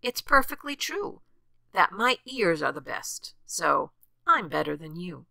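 A woman's voice: sits low, expressive, measured pace, vocal fry, bright, forceful tone, no room sound, exaggerated voice. A woman voicing a boastful young male rabbit who brags about himself. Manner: bragging, puffed-up.

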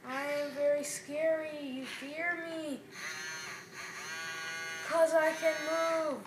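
A cheeky male turtle , voiced by a woman, drags out his words in a fake-spooky moan as he plays at being a ghost. His voice sits high and slow. It rings around an echoey room with noise behind it. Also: level tone. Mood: spooky, playful. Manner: fake-spooky, drawn-out moaning. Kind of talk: homemade toy comedy skit.

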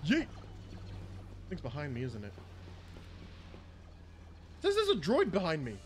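A man giving excitable, panicky running commentary while he plays a shooter game. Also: a little high, measured pace, a little hiss or hum. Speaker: gaming channel host. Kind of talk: gameplay commentary.

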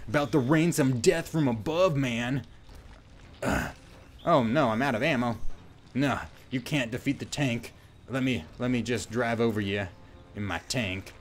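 A man giving playful, goofy let's-play commentary over a game, often stumbling and restarting his words. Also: mid-range voice. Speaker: gameplay commentator.

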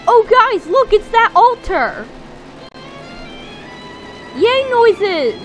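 A woman commenting on her video game as she plays, with excitable, squealing reactions. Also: extremely high pitch, extremely slow, long pauses, faint music behind. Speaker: gamer playing a video game. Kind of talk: let's play commentary.

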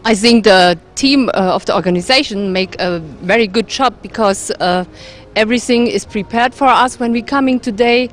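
A woman rider giving interview answers in halting non-native English with fillers. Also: a little high.

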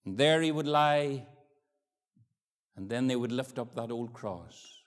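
A Northern Irish man in his fifties preaching an evangelistic sermon, swinging from ringing pleas to hushed near-whispers. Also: medium pitch, unhurried. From Northern Ireland. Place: church hall. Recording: echoey hall with long reverb.

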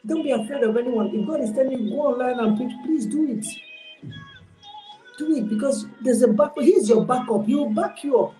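A woman's voice: sits high, brisk, warm tone. Woman, online preacher, exhorting and conversational, roomy echo, faint music behind. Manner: exhorting, conversational, mixes in pidgin phrases. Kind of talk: informal online sermon.

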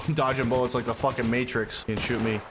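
A man chatting casually with friends while gaming, excitable and swearing, often breaking into high laughter. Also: quick pace. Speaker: gaming YouTuber. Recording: loud noise and keyboard clicks.

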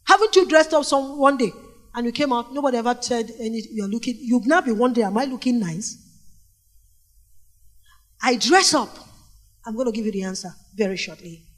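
A middle-aged Nigerian woman preaching a sermon, telling stories with animated energy and calling out questions to the congregation. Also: fairly high pitch, fairly quick, pauses often. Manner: animated storytelling with call-and-response questions to the congregation.

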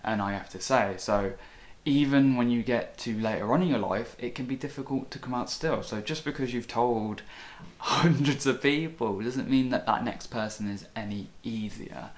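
A man's voice: medium pitch, normal speed, few pauses. A man hosting a reaction video, talking in a casual, earnest and reflective way, loose with fillers.

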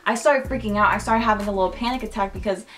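A woman's voice: mid-range voice, quick pace, fairly bright tone, slight background noise. A young woman telling a casual storytime, chatty and full of "like". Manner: chatty, heavy use of "like". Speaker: vlogger.

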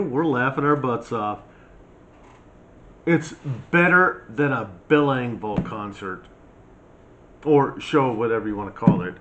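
A man ranting in a blunt, mocking, scolding monologue as a prepper vlogger. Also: mid-range voice. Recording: slightly dull lo-fi sound, faint hiss.

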